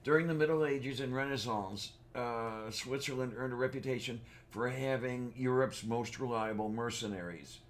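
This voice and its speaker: A soft-spoken man co-hosting a casual chat show. He talks hesitantly, breaking off and restarting often, in a voice of ordinary pitch for a man. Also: normal speed, hardly any pauses, a little hiss or hum. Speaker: podcast co-host.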